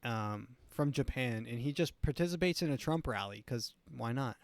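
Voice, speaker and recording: This is a man hosting a comedy show, reacting to clips in a rambling, mocking way that keeps restarting. His voice sits at an ordinary middle pitch, and it is recorded close and dry. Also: animated, normal speed, no echo. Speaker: show host. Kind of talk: casual commentary on clips.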